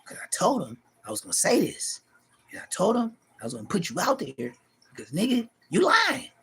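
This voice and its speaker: A middle-aged man delivering a profane, taunting callout rant to the camera, animated and mocking. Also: a little fast, gravelly, slightly rough. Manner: animated, profane, taunting, pitch leaping high in mocking bursts. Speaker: street vlogger.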